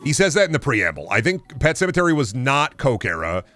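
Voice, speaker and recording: A man's voice: medium pitch, big pitch swings, fairly quick, bright, forceful tone, soft background music. A man streaming, chatting casually in a rambling, profane, sarcastic way.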